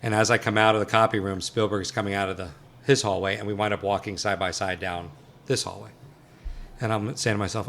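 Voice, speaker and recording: Fast-talking man telling an excited story. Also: on the low side, gravelly, a little hiss or hum. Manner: excited, acts out dialogue in quotes. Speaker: guest filmmaker. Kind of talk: animated storytelling. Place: film set.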